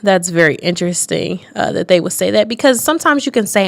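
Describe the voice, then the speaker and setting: Low-voiced woman musing on air. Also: animated, fast talker, creaky, dry recording. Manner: thinks aloud with frequent fillers and restarts. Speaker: radio show host. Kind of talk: casual radio talk, reading from notes.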